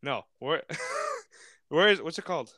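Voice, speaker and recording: Lively young man, laughing chatter. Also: a little high, a little slow, dry recording, studio quality. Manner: laughs often, animated storytelling. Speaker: podcast co-host. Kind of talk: casual chat.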